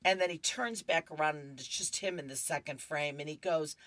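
Woman radio reader, low voice, unhurried, chatty asides, dry studio sound. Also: no room sound. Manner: chatty, warm asides to listeners. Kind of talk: reading comics aloud on radio.

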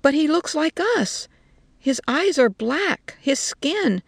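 A woman's voice: mid-range voice, lively intonation, slow, gravelly, darkish tone, no echo, voice pushed up. A woman doing a puzzled old village woman. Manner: mild, puzzled, plainspoken.

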